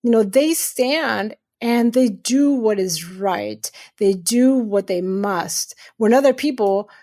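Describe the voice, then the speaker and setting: Emphatic higher-voiced woman guest. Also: slow pace, dark tone. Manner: earnest, emphatic, repeats phrases. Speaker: guest urologist. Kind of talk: podcast interview.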